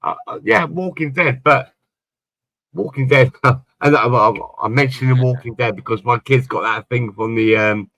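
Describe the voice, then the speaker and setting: A man's voice: medium pitch, steady tone, normal speed, fairly bright tone, dry recording. A middle-aged man on a late-night chat stream, telling rambling personal stories and swearing casually. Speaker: podcast panelist.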